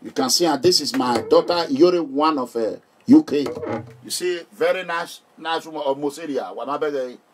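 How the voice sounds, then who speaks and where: The voice is on the high side and moves at a moderate pace, with slight background noise and the speaker well away from the mic. He's a middle-aged Nigerian vlogger, animated and jokey, laughing often while chatting casually with his audience.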